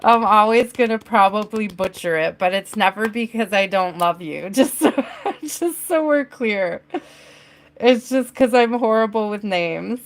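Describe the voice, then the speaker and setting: A woman speaks slowly and unhurriedly, her voice at an everyday middle pitch. She leads a live tarot reading, coaching her viewers softly and chatting warmly with them between cards. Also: rough recording. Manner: chatty and affectionate with viewers, laughs often; gentle spiritual coaching tone. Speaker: tarot reader.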